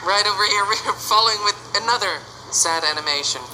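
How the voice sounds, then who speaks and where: A woman hosting a reaction video, narrating animated shorts with emotional exclamations. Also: medium pitch, a little fast, noisy background.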